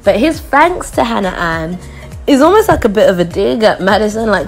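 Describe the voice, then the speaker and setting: A woman casually recapping a TV episode, chatty and quick to laugh, mimicking the people she quotes. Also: mid-range voice, lively intonation, soft background music. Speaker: vlogger reviewing a TV show.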